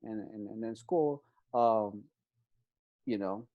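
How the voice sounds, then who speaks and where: A man's voice: on the low side, takes it slowly, narrow, tinny audio. A man explaining trauma as an interview guest, in non-native English phrasing, with many fillers and frequent "right?" check-ins.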